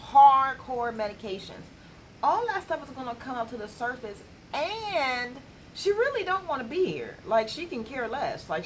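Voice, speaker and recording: A woman's voice: a little high, fairly bright tone, slight background noise, poor audio. A woman who works as a colon hydrotherapist tells a client story in a colloquial, emphatic way and acts out the dialogue. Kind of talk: storytelling to camera.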